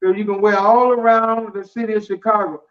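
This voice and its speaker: A man's voice: high-pitched, little pitch movement, fairly quick. A man in his fifties, a show guest, ribbing a friend in rambling, mock-preaching banter and laughing as he goes. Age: 50s. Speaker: celebrity guest. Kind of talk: joking, roasting banter. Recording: dull lo-fi sound.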